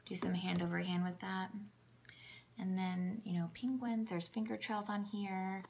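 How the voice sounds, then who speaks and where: A woman's voice: medium pitch, flat delivery, a little slow, creaky, a little mellow, a little hiss or hum. A woman casually showing children's books and acting out their sound words in a sing-song voice. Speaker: children's book reviewer. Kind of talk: casual show-and-tell of books.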